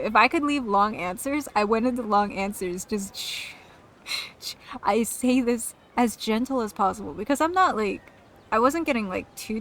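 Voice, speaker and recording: A woman's voice: a little high, a bit bright. A woman streaming a game, chatting casually in a rambling, giggly, self-mocking way.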